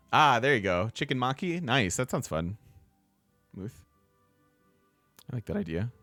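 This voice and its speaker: A man's voice: medium pitch, sing-song, slow pace, pauses often, bright, forceful tone, no echo, soft background music. A man casually commenting on a strategy game while he plays, laughing often and chatting with his viewers. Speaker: let's play host.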